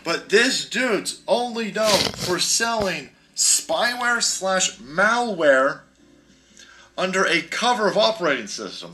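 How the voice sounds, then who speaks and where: A man's voice: high-pitched, pushed and bright. A man hosting a podcast, delivering a heated, sarcastic and profane rant. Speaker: podcast host. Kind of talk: ranting podcast commentary.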